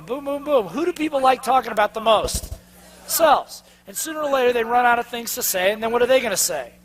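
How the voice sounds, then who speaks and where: A man in a live sales seminar, a trainer who keeps throwing quick questions at his audience and making them answer back. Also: extremely high pitch. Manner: energetic, call-and-response questions to the crowd; drops to a mocking tone for the inner doubting voice.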